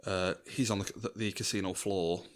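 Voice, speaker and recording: A young man co-hosting a podcast, with a low, deep voice. He chats casually and laughs a lot. He slips into quick mock voices for scenes he describes. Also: steady tone. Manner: chatty, laughs often, acts out lines from scenes. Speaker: podcast co-host. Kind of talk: casual chat.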